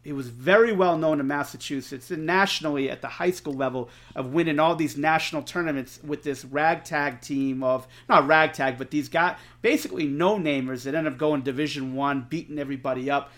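A middle-aged man, co-hosting a podcast and telling stories in an animated way, swearing freely. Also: a little high. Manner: animated storyteller, swears freely, acts out quotes. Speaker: podcast co-host. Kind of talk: casual storytelling chat.

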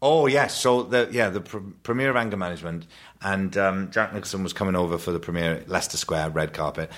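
A man telling family anecdotes on a podcast, animated and slipping into voices. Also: low-pitched, fast. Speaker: podcast guest. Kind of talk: casual chat, storytelling.

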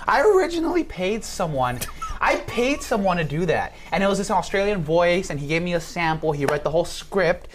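A woman's voice: on the low side, very animated, a little fast, slight background noise. A woman hosting an entertainment segment with a playful, opinionated recap. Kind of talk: casual chat and scripted recap.

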